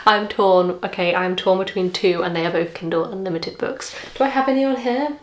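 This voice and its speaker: A woman's voice: mid-range voice, a little hiss or hum. Young English woman, bubbly vlogger chatter, roomy sound. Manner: chatty and excitable, quick asides. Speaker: book vlogger. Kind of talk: casual chat to camera. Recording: echoey room.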